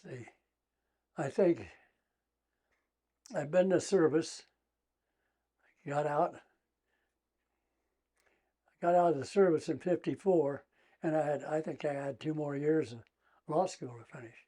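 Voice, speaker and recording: High-voiced older man, laughing raconteur. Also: slow, pauses often, dry recording. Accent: Midwestern American. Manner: animated storyteller who laughs often and acts out his own shouting. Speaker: retired trial lawyer guest. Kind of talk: casual storytelling interview.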